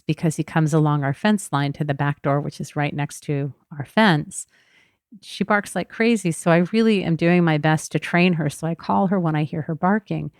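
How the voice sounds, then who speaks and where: A woman's voice: low voice, clear, resonant tone, no echo, clean studio sound. A middle-aged woman hosting a podcast, telling a personal story in a candid, reflective way. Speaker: podcast host.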